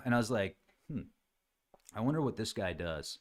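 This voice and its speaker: A podcast host hosts a livestream in a lowish, animated voice, speaking at normal speed with frequent pauses. He chats casually, reading viewer comments aloud and calling people by name.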